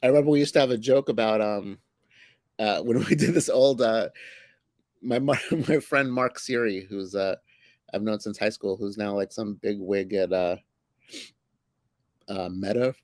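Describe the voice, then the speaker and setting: A man's voice: lowish voice, moderate pace, long pauses, a little mellow, no echo. A man who works as a comic book editor, chatting casually, rambling and laughing as he tells jokes. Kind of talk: casual chat.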